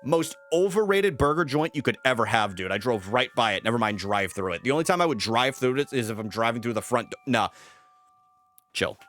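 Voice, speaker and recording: A man's voice: mid-range voice, expressive, fairly quick, a bit bright. A young man chatting casually on a live stream, greeting viewers and rambling with fillers.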